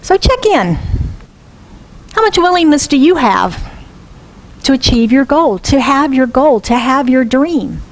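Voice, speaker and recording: A woman's voice: sits high, lively intonation, unhurried, long pauses, low-quality recording. A woman minister giving a sermon, asking earnest questions and repeating them for emphasis. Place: church sanctuary.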